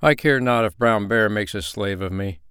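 A man's voice: lowish voice, normal speed, a bit bright, clear, resonant tone, no echo, clean studio sound, close to an everyday voice. A man reading the part of a humble, brave peasant father mourning his lost child. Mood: earnest.

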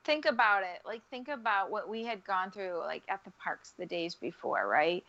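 Animated woman cohost, bouncy expressive voice, acts out quotes. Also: normal speed. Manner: animated, acts out quotes with big pitch jumps. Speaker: podcast co-host. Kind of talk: casual chat. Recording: dull lo-fi recording.

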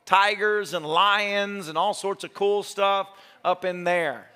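A man's voice: sits high, takes it slowly, clean tone. A male pastor preaching a sermon, telling a story with jokes and acting out quotes. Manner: animated, joking, acts out quotes. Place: church sanctuary.

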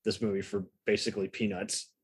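A man's voice: on the low side, little pitch movement, brisk, husky, no room sound. A man co-hosting a casual film podcast, rambling and profane, laughing often. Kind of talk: casual chat.

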